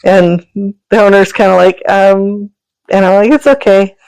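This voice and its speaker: This podcast guest, an animal sanctuary founder and energy healer, rambles through animal stories and laughs often in a relaxed conversation. Her medium-pitched voice is gravelly, darkish yet clean in tone, a little slow, with a flat delivery. No room sound comes through, but the recording is low-quality.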